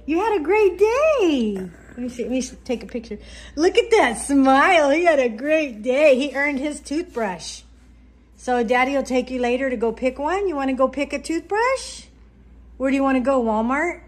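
A woman's voice: sits high, animated, normal speed. A mother chatting casually on a family vlog, doting and affectionate toward her son.

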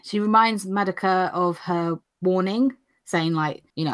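A woman, recapping anime episodes in casual chat, chatty and quick to laugh. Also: lowish voice. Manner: chatty, laughs often, acts out lines in funny voices. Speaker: podcast co-host recapping anime.

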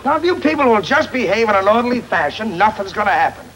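An actor playing a blunt, tough homicide detective in a 1940s film, brusque and forceful. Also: male voice, sits high, big pitch swings, quick pace, a little hiss or hum, full character voice, low-quality recording. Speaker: police detective.

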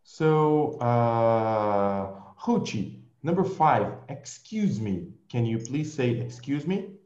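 Slow patient man with a Brazilian accent. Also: medium pitch, animated, darkish tone, roomy sound, lo-fi sound. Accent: Brazilian Portuguese. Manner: slow, patient, repeats praise. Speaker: English teacher. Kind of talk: online group class.

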